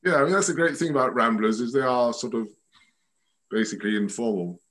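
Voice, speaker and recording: A man's voice: mid-range voice, fairly quick, fairly bright tone, rough recording. A man from France, a guest rose expert, chatting casually over a video call from home in a rambling, hesitant way. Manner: rambling, hesitant, restarts often. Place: at home by a window.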